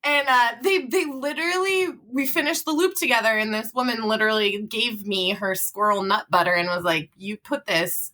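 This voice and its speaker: A woman's voice: a little high, a little fast, hardly any pauses. A young woman in her twenties, a podcast guest telling a funny story in casual chat, laughing often and acting out what people said. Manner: animated, laughing often, acts out quotes.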